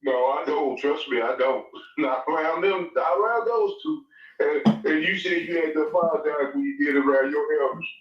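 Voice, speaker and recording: A man's voice: fairly high pitch, moderate pace. A man on a remote call in a casual podcast chat, rambling in stop-start sentences and laughing at his own stories. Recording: roomy, distant, dull remote audio.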